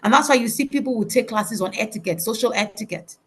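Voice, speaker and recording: A woman's voice: on the high side, quick pace, slightly rough. A woman giving a faith-based motivational talk over a video call, emphatic and preacherly, repeating her key words. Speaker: motivational speaker.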